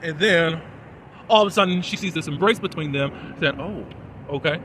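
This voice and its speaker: Man, casual episode recap, high bright voice, chatty, faint traffic noise outdoors. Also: moderate pace. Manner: chatty, animated, lots of fillers and "da, da, da". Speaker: TV episode reviewer.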